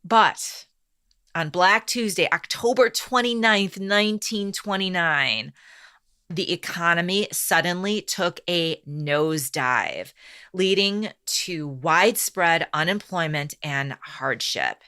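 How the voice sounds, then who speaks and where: Reading a history story from notes, this podcast co-host and storyteller from the South Side of Chicago sounds bright yet lowish, clear and resonant. The chat is casual, and she teases her co-host in a brisk way.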